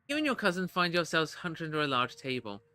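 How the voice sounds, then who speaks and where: Animated let's-play host, bright and expressive, music under. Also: mid-range voice, fast talker, no room sound. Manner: animated and joking. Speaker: streamer. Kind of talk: let's play commentary and narration.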